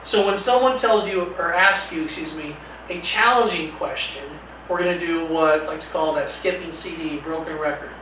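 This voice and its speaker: A man leading a training lecture, talking conversationally and acting out calm example lines. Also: a little high, moderate pace. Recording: echoey room from far off, faint noise.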